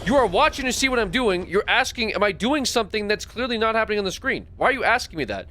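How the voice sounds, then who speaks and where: A man's voice: high-pitched, sing-song, fast talker, pushed and bright. A man streaming a game live, talking back to his chat in an exasperated, swearing rant. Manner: frequent swearing. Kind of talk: live gaming stream commentary.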